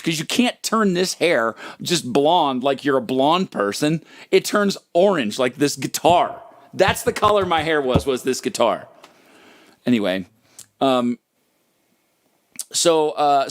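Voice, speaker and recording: A man's voice: mid-range voice, no echo, studio quality. A man hosting a livestream, telling a rambling, profane, self-mocking story in a casual comic way. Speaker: livestream host and musician.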